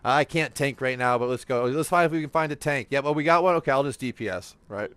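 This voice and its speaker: A man's voice: medium pitch, quick pace, fairly bright tone, clear, resonant tone, dry recording. A young man hosting a casual gaming podcast, rambling with lots of "like" and swearing, acting out what others said. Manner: rambling, profane, fillers like "like", acts out quotes. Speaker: podcast host. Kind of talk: casual chat.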